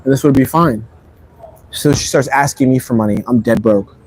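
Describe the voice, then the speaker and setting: A man's voice: medium pitch, moderate pace, a little mellow, slightly rough, low-quality recording. A man vlogging, telling a personal story in a rambling, emphatic way full of slang. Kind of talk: casual storytelling.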